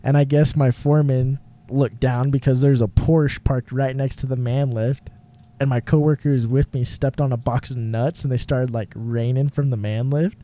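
A man's voice: medium pitch, fairly even intonation, normal speed, dark tone. Laid-back young man telling a rambling story. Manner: rambling, filler-heavy, laughs often. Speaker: podcast co-host. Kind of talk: casual storytelling chat. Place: home garage.

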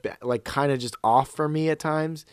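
A man co-hosts a movie podcast in a relaxed, filler-heavy way, hedging his opinions as he goes. His voice sounds dry and close, with no room around it. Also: a little high, moderate pace, smooth, no echo. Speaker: podcast co-host. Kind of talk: casual chat about movies.

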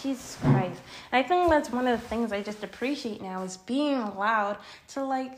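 A fairly high-voiced young woman in her twenties speaks straight to her audience in a loose, chatty storytime. She vents with exasperation, peppering her talk with "like" and the odd curse. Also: expressive, normal speed. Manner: venting, exasperated, lots of filler words and swearing. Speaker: storytime vlogger. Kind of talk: casual storytelling to viewers.

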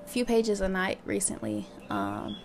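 A woman's voice: mid-range voice, big pitch swings, a little slow, faint music behind. A young woman hosting her own podcast, talking candidly in a casual monologue and swearing freely. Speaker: podcast host.

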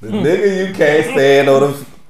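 A man's voice: fairly high pitch, moderate pace, recorded from a distance, crowd noise. A man co-hosting a sports podcast, telling a rambling story in casual chat. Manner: rambling, repeats words. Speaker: podcast co-host. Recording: roomy sound, away from the mic.

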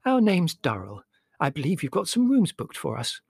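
A genteel middle-aged mother, sweetly polite and softly fretting, in a lifted, gentle voice, as a male reader puts her on. The recording is dry and close, with no room sound. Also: a little high, huge pitch swings, moderate pace, creaky, breathy edge, no echo, pitched above the performer's own voice, full character voice. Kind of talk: audiobook reading.

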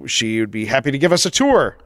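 A man's voice: medium pitch, sing-song, quick pace, a bit bright, no echo, studio quality. A man co-hosting a podcast, chatting casually and joking while reading listener mail. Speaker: podcast co-host. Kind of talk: casual chat.

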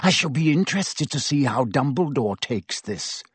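A man's voice: medium pitch, lively intonation, moderate pace, a bit bright, breathy edge, dry recording. A man voicing a cold, vindictive middle-aged male schoolteacher who speaks silkily and hisses. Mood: silky menace. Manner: silky, hissing, rising to shrieks.

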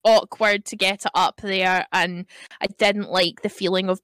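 A woman's voice: medium pitch, a little slow, no room sound. Woman, frank and joking, podcast chat, dry close sound. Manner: frank, joking, animated storyteller.

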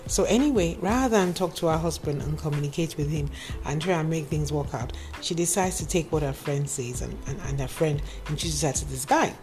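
A woman's voice: sits low, brisk, music in the background. Lecturing woman telling a cautionary tale. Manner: lively, lecturing, addresses listeners directly. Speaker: advice speaker. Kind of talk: moralizing storytelling monologue.

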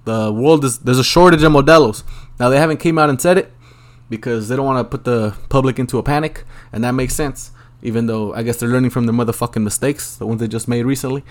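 A man's voice: medium pitch, quick pace, hardly any pauses. A young man hosting a solo podcast, rambling casually and swearing a lot in a laid-back way. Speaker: podcast host. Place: Los Angeles, at home.

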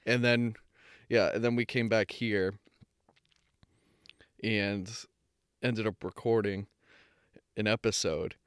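A man's voice: fairly low pitch, steady tone, takes it slowly, long pauses, clear, resonant tone, dry recording, studio quality. A young man co-hosting a podcast, telling a rambling story in casual chat, swearing freely and often correcting himself. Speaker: podcast co-host.

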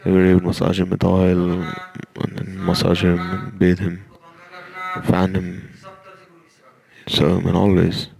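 A man telling a devotional story in a slow, halting way, with frequent restarts. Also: deep voice, completely flat delivery, creaky, a little mellow.

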